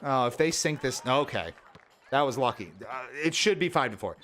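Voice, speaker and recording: A man's voice: mid-range voice, normal speed, soft background music. A man streaming a sports video game, giving exasperated play-by-play and venting when his teammates miss easy shots. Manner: exasperated, animated play-by-play with frustrated outbursts. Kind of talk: livestream gameplay commentary.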